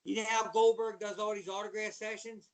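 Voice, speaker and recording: A middle-aged former pro wrestler, appearing as a podcast guest, tells wrestling stories in a fairly high voice at a slightly fast clip. He acts out every character's voice, yelling and laughing, and swings from quiet asides to loud outbursts.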